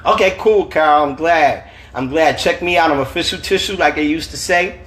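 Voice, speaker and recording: A man reads from his own novel on a phone livestream, his voice sitting a little high. Between passages he chats casually with viewers in relaxed, slangy talk, chuckling often. The tone is loose and friendly. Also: moderate pace. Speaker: author reading his novel. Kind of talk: livestream reading and casual chat.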